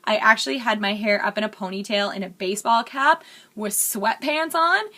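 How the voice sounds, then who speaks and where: A woman's voice: medium pitch, moderate pace, bright, forceful tone. A young woman chatting candidly while doing her makeup in a get-ready-with-me vlog, rambling and full of fillers. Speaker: beauty vlogger.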